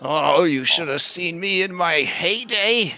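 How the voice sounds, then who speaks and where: Un homme qui joue une vieille femme ronchonne. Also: male voice, a little high, animated, slow pace, bright, forceful tone, voice pushed up, full character voice. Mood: grumbling. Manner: grumbling, boastful. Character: gossipy old woman dancer. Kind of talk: tabletop game role-play.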